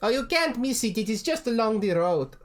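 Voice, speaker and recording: A woman plays an odd, heavy-set toymaker in a jester's cap, pitched high and bouncing with a singsong lilt. He pushes his wares with cheery, halting eagerness. The voice swings widely in pitch. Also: big pitch swings, soft background music. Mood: cheery salesman.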